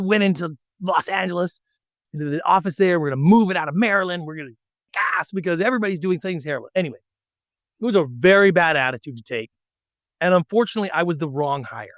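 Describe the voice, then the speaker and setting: Middle-aged guy telling stories, does all the voices, kinda high pitched. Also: no room sound, studio quality. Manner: animated, acts out quoted dialogue. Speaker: podcast guest. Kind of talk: storytelling in an interview.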